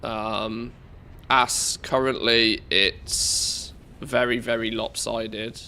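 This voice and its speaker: A man's voice: on the low side, fairly even intonation, extremely slow, pushed and bright. A man with a head cold and a congested voice, chatting casually on a live game stream, rambling with many ums and restarts.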